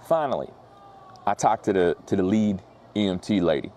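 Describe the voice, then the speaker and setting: A man preaching in a relaxed, slang-heavy, storytelling way, getting lively when he retells conversations. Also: sits low, moderate pace. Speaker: pastor. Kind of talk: casual sermon storytelling.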